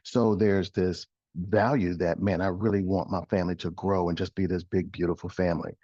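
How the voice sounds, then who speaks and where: A man's voice: deep voice, fairly even intonation, fairly quick, dark tone, dry recording, dull audio. A middle-aged man hosting a motivational talk as a life coach, emphatic and repetitive, posing rhetorical questions. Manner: emphatic, repeats phrases, poses rhetorical questions. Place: studio.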